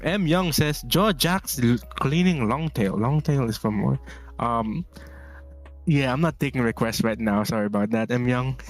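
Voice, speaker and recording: A man from the Philippines streaming casually while drawing, rambling, laughing often and reading chat messages aloud. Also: mid-range voice.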